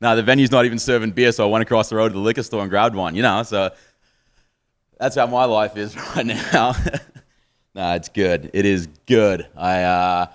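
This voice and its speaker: A man's voice: lowish voice, steady tone, normal speed, smooth. A man in his thirties with an Australian accent, performing a crude, rambling stand-up set on a live stage and chuckling at his own jokes. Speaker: stand-up comedian.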